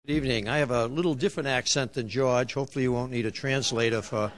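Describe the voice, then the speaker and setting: A man in his sixties with a Boston accent, a police commissioner giving a public speech in a measured, emphatic lecturing tone with dry humor. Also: mid-range voice. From United States. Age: 60s.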